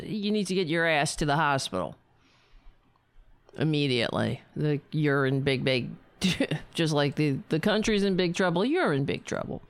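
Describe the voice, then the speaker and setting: A woman's voice: low-pitched, no echo. A woman hosting a show and delivering political commentary in a profane, sarcastic and indignant way. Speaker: show host.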